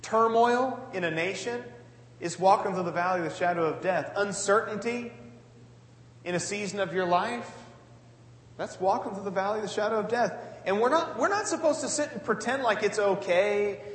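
Man, high voice, lively and earnest conversational preacher, booming echoey hall. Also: normal speed. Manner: earnest, animated, many casual asides. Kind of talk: conversational sermon. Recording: echoey hall with long reverb.

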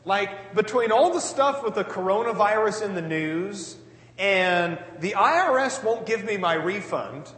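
A man's voice: high voice, animated, a little slow, a bit bright. A man preaching a sermon in an earnest, conversational way, with many casual asides. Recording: echoey hall with long reverb.

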